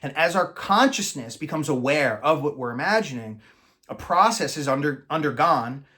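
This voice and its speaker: A man coaching listeners in an earnest, explanatory teaching monologue, slowing down to stress key phrases. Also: on the high side, animated, bright, forceful tone. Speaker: manifesting coach.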